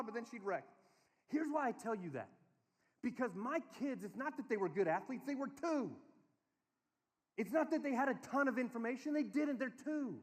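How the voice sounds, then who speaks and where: A man preaching to a conference crowd, telling family stories in an animated way and giving the room instructions. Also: very high-pitched, moderate pace. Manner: storytelling, animated, quotes his kids in a small voice. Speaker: speaker. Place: large hall. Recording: long hall reverb.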